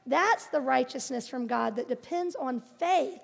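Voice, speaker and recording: A middle-aged woman preaches a sermon in an earnest, encouraging way, slipping in playful asides. Her voice sits high and is expressive, unhurried and gravelly. The recording carries the long reverb of a large hall.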